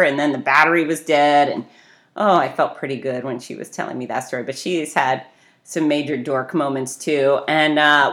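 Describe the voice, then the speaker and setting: A woman telling a casual, self-deprecating story, lively and animated, acting out people in it with big jumps in pitch. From grew up on the beach. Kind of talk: casual anecdote.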